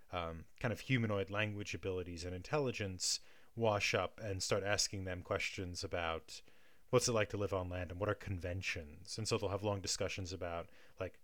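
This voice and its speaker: A man's voice: fairly low pitch, fairly bright tone, dry recording. A man in a casual analytical chat, thinking aloud with many restarts and frequent checks of "right?". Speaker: guest discussing film and theatre.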